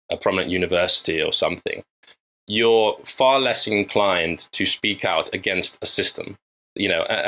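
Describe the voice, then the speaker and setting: A man's voice: low voice, bright, forceful tone, poor audio. A man from England, a filmmaker guest, talking casually over a video call and thinking aloud with many fillers and restarts. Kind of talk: casual interview chat.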